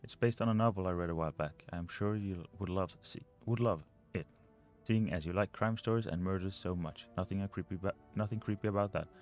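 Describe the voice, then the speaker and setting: A man's voice: deep voice, brisk, darkish tone, soft background music. A man playing a mystery video game, reading notes and letters aloud and muttering over the puzzles. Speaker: let's play gamer.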